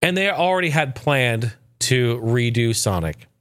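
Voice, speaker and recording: A man's voice: mid-range voice, animated, a little slow, a bit bright, no room sound. Profane ranting man, dry close sound. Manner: sarcastic, swears a lot, acts out quotes.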